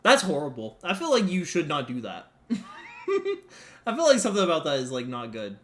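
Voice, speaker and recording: Speaking fast in a fairly high voice, a man riffs casually with his live-stream viewers from a small room, alone. He keeps it animated, swears freely, talks to chat, and skips around between topics.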